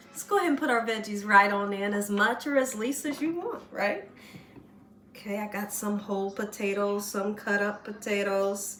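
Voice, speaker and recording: A woman's voice: mid-range voice, moderate pace, a bit bright, reverberant, a little hiss or hum. A woman hosting a home cooking demonstration, chatty and coaxing, often checking in with "okay?" and "right?". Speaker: cooking show host. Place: home kitchen.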